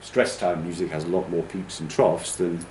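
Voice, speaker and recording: A man training teachers gives a patient classroom lecture, checking in with "okay?" and illustrating rhythms by counting and humming. His voice sits low and is a little mellow, with fairly even intonation and a moderate pace. The recording sounds roomy, with a little hiss or hum.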